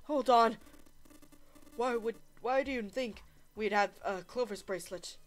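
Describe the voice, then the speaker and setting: A woman's voice: a little high, measured pace, close to an everyday voice. A woman voicing a proud young man who reacts in clipped, stunned denial. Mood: shaken.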